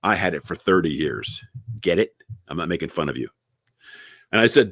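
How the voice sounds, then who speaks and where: A man giving a casual comedic monologue, jokey and animated, repeating words and chatting with his viewers. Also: sits low, normal speed, dry recording, clean studio sound. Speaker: inspirational online comedian.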